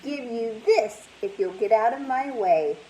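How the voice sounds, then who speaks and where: A woman's voice: on the high side, expressive, a little slow, warm tone, lo-fi sound, slight background noise. A woman voicing a bold, no-nonsense little girl who bargains firmly. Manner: firm, bargaining.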